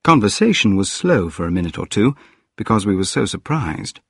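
Male audiobook narrator, deep and breathy, measured delivery. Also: no room sound, clean studio sound. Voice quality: calm, measured reading. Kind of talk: scripted narration.

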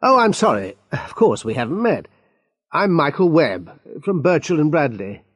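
A man's voice: on the high side, big pitch swings, moderate pace, slightly rough, dry recording, clean studio sound, pitched above the performer's own voice. A man voicing a flustered, polite male estate agent who keeps apologizing and hesitating. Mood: apologetic.

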